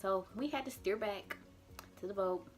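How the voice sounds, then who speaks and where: A young woman vlogger telling a dramatic storytime to her camera, animated and acting out her own panic. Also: mid-range voice, normal speed, faint music behind. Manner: acts out her panicked past self in quotes. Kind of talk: storytime vlog.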